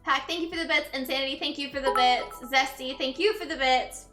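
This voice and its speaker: A woman's voice: high voice, fairly even intonation, a little fast, pushed and bright, soft background music. A young woman streaming casually, chatting with viewers, laughing often and greeting them upbeat. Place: empty room, indoors. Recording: echoey empty room.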